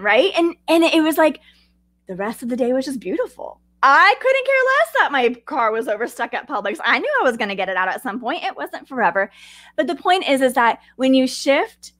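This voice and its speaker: A woman in her thirties with a fairly high voice, talking animatedly to her podcast listeners. She switches between teaching points and chatty personal stories. The sound is close and dry. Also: sing-song, normal speed, a bit bright, dry recording. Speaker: podcast host.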